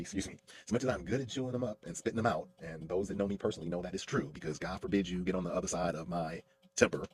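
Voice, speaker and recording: A man, a lawyer and stage actor, talking casually on a livestream, telling stories with lots of fillers and restarts. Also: low-pitched. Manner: animated storytelling with many fillers and restarts. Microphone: livestream mic.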